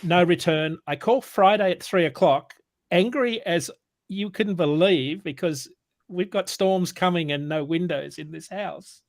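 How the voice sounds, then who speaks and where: A fairly high-voiced man tells a long story in casual chat on a sales morning show. He is animated, acts out the dialogue and stumbles and restarts often. The sound is dry and close. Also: unhurried, dry recording.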